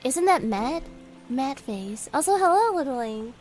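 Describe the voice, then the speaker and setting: A woman's voice: high-pitched, sing-song, measured pace, a little mellow, soft background music. A woman streaming live and chatting casually with her viewers in a giggly, bubbly way. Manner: giggly, bubbly, reacting aloud to chat. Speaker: VTuber streamer.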